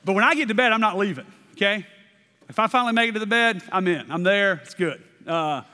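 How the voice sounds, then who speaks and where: High-voiced male pastor in a hall. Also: brisk, pushed and bright. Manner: conversational, repeats "okay?" often, restarts words. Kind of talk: sermon. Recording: long hall reverb.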